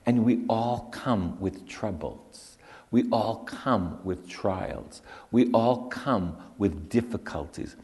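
A man preaching a sermon, slow and repetitive, who drops to hushed whispers for emphasis. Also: lowish voice, long reverb tail.

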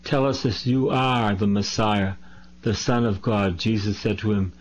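A man preaching a sermon, reading scripture slowly and deliberately with emphatic asides. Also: on the low side, steady tone. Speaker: priest. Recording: dull lo-fi recording.

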